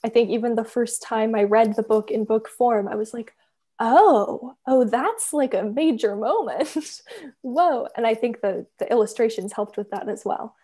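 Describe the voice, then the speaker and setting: A young woman from Canada with a slightly high voice, talking casually over a video call. She explains things carefully and hesitantly, leaning on lots of filler words. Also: fairly even intonation, normal speed, warm tone. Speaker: co-author and reader. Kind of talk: casual conversation.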